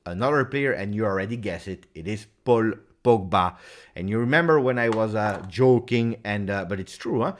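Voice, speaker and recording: Chatty man, lively low voice. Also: normal speed. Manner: chatty, animated, talks straight to viewers. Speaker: football fan channel host. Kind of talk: livestream Q&A chat.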